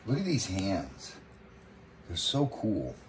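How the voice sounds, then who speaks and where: A man's voice: sits low, wildly swooping pitch, slow pace, slight background noise. Guy feeding animals outside, chatty, coos at them, very up-and-down voice. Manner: chatty, coaxing and cooing at animals. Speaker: animal keeper vlogger. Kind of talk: casual vlog chat.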